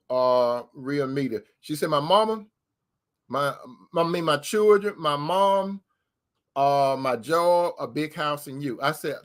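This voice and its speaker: A man hosting an advice talk, telling a personal story in a preacherly way, repeating his points and addressing listeners as brothers and sisters. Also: a little high. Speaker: channel host.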